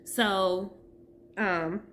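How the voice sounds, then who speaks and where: A woman in her thirties giving a heartfelt personal testimony as a vlogger, pausing to search for her words. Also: medium pitch, fairly even intonation, fairly bright tone, slight background noise.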